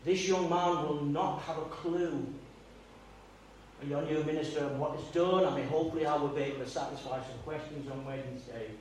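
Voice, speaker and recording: An older man preaching a sermon as pastor, animated and asking his congregation questions. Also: on the high side, normal speed, slight background noise. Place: church hall. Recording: echoey church, distant mic.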